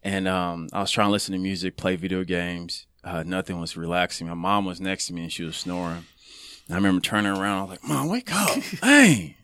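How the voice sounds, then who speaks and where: A man on a podcast telling a personal story in an earnest, casual way, growing animated when he acts out what people said. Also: low-pitched, fast talker, clean tone. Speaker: podcast guest.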